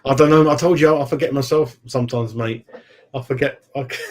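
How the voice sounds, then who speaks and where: A man's voice: medium pitch, normal speed, a little mellow. A man hosting a football fan channel, chatting casually with live-stream viewers, laughing often and calling everyone mate.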